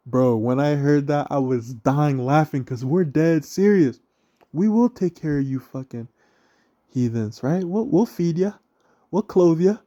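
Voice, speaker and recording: A man's voice: fairly high pitch, warm tone. A young man rambling through a casual, profane rant, often tagging "right?" and laughing at his own remarks. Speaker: online religious commentator.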